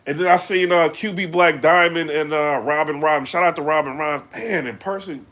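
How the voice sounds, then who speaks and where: A man chatting casually on a live stream, animated and full of fillers, breaking into loud shouts when he gets excited. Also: a little high, moderate pace. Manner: animated, loose, full of fillers like "you know what I'm saying". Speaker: battle rap commentator.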